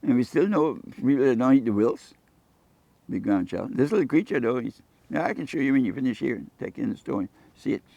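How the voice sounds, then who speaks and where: Gravelly older Caymanian man spinning yarns. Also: mid-range voice, fairly quick, no room sound, muffled recording. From Cayman Brac, Cayman Islands. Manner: animated storyteller who acts out quoted dialogue. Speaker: interviewee, local fisherman and jewelry maker. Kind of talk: rambling anecdotal storytelling.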